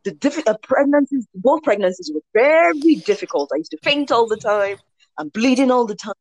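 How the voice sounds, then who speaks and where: A woman's voice: a little high, a little fast, dry recording. A woman in her forties from Nigeria, telling her faith testimony as a guest and acting out the voices of the people in it. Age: 40s. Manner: animated storyteller, acts out quoted voices.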